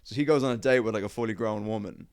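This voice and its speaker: A young man hosting a podcast, telling a rambling, profane story in casual chat with quick acted quotes. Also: lowish voice, vocal fry, a little mellow, clean tone, no echo, studio quality. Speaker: podcast host.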